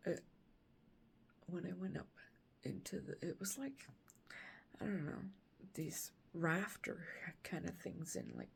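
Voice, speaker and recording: A grieving mother sharing a late-night faith reflection at home, speaking softly and often in a whisper, with halting phrases. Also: medium pitch, gravelly, a little hiss or hum.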